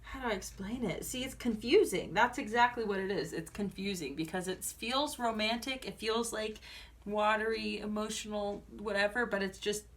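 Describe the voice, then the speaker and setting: A woman's voice: mid-range voice, normal speed. A woman doing a casual tarot reading, chatty and full of fillers, often breaking into giggles. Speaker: tarot reader. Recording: voice a bit far from mic, faint noise.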